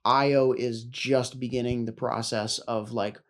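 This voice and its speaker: A man's voice: medium pitch, steady tone, slow. Casual young man rambling about his tabletop character. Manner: loose and rambling, many "like" fillers, swears casually. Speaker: podcast co-host, tabletop player.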